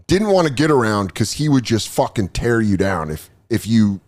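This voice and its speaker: Animated male comedian telling stories. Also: lowish voice. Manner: animated storytelling, swearing, quick asides. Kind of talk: casual podcast chat.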